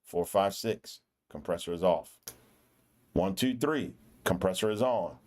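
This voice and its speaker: A man's voice: low-pitched, animated, a little slow, darkish tone. A man teaching a live-streamed audio lesson, patient and encouraging, repeating his questions for the chat. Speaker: instructor. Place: indoor room with air conditioning. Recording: raw mic with air conditioner hum.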